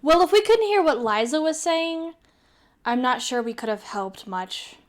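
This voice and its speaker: A woman's voice: high voice, expressive, normal speed. A woman streaming a game, chatting casually and laughing often. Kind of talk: casual let's-play chat.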